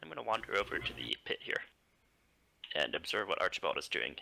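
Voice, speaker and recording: This man chats casually at a tabletop game, observant and easygoing. His voice is very low and gravelly yet bright and sharp in tone, and he talks quickly with a lot of movement in pitch. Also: big pitch swings, rough recording.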